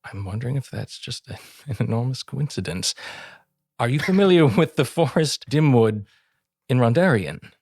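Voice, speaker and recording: A man playing in a tabletop game, speaking earnestly and haltingly, with easy laughter. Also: mid-range voice, expressive, a little mellow, husky, no room sound, studio quality. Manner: earnest, hesitant, laughs easily. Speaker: player.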